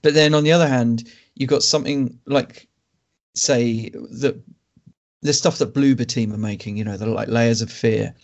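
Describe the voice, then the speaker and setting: A man's voice: mid-range voice, steady tone, normal speed, gravelly, lo-fi sound. Easygoing man thinking aloud. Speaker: podcast host. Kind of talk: casual chat.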